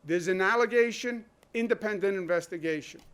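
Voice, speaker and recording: A man's voice: sits high, fairly quick, fairly bright tone, clear, resonant tone. A man, a state governor giving an impassioned speech full of rhetorical questions and punchy short phrases. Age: 60s. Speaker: state governor at a press briefing.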